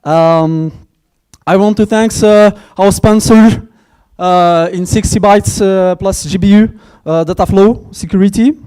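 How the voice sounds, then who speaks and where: A native French speaker with a French accent, the conference organizer, gives a hesitant opening speech in a conference hall, thanking sponsors amid many pauses and fillers. His voice is high, steady, warm and clean.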